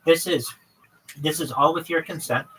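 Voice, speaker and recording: A man's voice: on the high side, steady tone, moderate pace, a bit bright, distant mic, slight background noise, low-quality recording. A man hosting a livestream chat with a caller, earnestly listing his plans in long runs. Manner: earnest, lists many topics in long runs. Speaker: livestream host.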